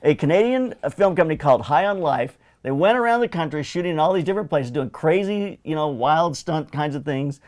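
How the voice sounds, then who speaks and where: Lively, laughing male show host. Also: fairly high pitch, a little fast, few pauses. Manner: animated, laughing, jokey storytelling. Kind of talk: casual co-hosted chat.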